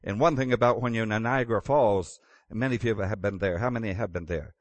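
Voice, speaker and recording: A man's voice: lowish voice, fast talker, dry recording. A man preaching a sermon in a conversational way, with chuckles and restarts. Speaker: pastor.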